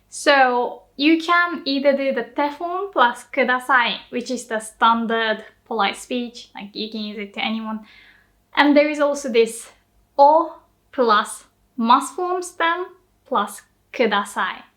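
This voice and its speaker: A young woman with a Japanese accent, teaching Japanese in a casual lesson, slowly repeating example phrases. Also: fairly high pitch, a bit bright.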